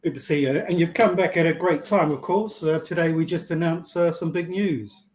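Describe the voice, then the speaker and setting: A man hosting a relaxed tech chat, with lots of "uh" fillers and a friendly "mate". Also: fairly high pitch, moderate pace. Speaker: host, cloud solution architect.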